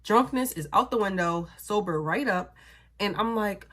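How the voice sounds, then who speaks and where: A woman, a mother, telling a story in a casual, animated and blunt way, swearing freely. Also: medium pitch, moderate pace.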